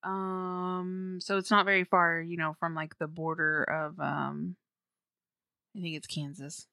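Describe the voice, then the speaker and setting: A woman's voice: on the low side, flat delivery, unhurried, gravelly, pushed and bright, no echo, studio quality. A woman co-hosting a podcast, chatting casually and telling a true-crime story with fillers and giggles. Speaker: podcast co-host.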